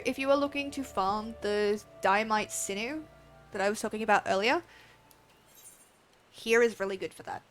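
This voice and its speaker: A young Australian woman chatting casually while livestreaming a game, rambling, laughing and swearing freely. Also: mid-range voice. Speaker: game streamer. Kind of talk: casual live-stream chat while gaming.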